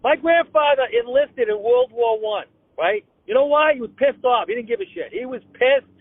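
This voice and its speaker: An older man rants in a high, lively voice, tripping over repeated words as he pushes on. He comes through a tinny, dry phone line. His pitch swings widely between lines. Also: no room sound. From Boston area. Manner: fast ranting with stammered restarts. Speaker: comedian guest. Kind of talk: ranting comedic phone chat.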